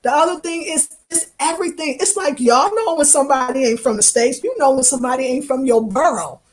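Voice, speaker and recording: New York woman vlogger, higher voice, expressive, talks straight to viewers. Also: brisk. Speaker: travel vlogger. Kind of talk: casual live-stream chat reading comments.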